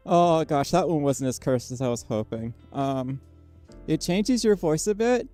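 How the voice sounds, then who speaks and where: A tired livestreamer chatting casually with viewers, speaking quietly and haltingly, with lots of fillers and a microphone right up against the mouth inside a costume head. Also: lively intonation, soft background music. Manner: quiet, low-energy, halting with many fillers. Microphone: microphone very close to the mouth inside a costume head.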